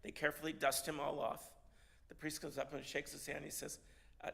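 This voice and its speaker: Bright-voiced man telling a story. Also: on the high side, vocal fry. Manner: halting, repeats words often, animated. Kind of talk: storytelling sermon. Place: synagogue service.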